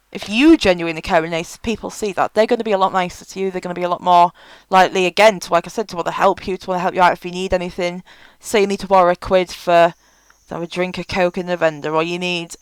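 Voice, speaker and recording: A woman's voice: fairly low pitch, clear, resonant tone, dry recording, low-quality recording. A woman giving frank, chatty advice in a casual vlog, with many fillers. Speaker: vlogger.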